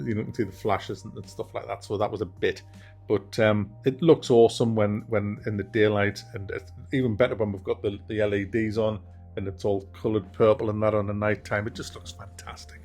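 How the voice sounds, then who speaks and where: A man's voice: fairly low pitch, darkish tone, slightly rough. A man hosting a gaming channel, rambling through a casual update from his home office with mild swearing. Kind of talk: casual monthly update chat.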